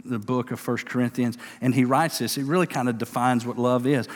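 A man preaching a sermon in an energetic, conversational way, with quick asides and stammered restarts. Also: medium pitch. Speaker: pastor. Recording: long hall reverb.

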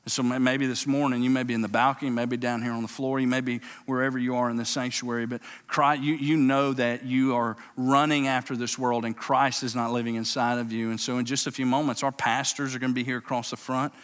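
Male pastor, sermon, bright tone, emphatic with restarts, big church with long reverb. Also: mid-range voice, little pitch movement, brisk, few pauses. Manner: emphatic, repeats words, keeps saying "watch this". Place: church sanctuary with a balcony. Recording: long reverb of a large sanctuary.

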